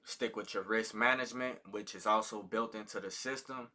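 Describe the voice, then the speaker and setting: A man hosting a live trading stream with a fairly low voice that has a very bright, cutting edge. He teaches in a loose, conversational way, full of ums and restarts. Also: fairly even intonation, moderate pace. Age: adult with a child. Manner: casual, loose, conversational with many fillers. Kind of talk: live market commentary and teaching.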